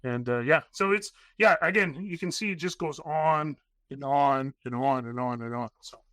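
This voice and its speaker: An excitable man rambles through one story after another on a podcast, slipping into the voices of the people he quotes. His voice sits a little high with a bright, forceful edge, and the sound is dry and close. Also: moderate pace, no echo. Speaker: podcast guest, documentary filmmaker. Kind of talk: casual interview storytelling.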